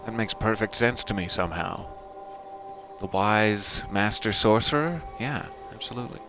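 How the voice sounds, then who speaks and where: A man's voice: on the low side, expressive, measured pace, over music. A man streaming a video game live, commenting in a playful, mock-formal joking way.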